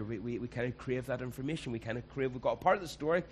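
A man's voice: medium pitch, racing, few pauses, slight background noise, rough recording. A man, preaching a conversational sermon and acting out quoted voices.

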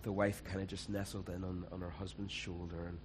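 A man's voice: low voice, little pitch movement, fairly quick, background noise. A man, preaching a conversational sermon and acting out quoted voices.

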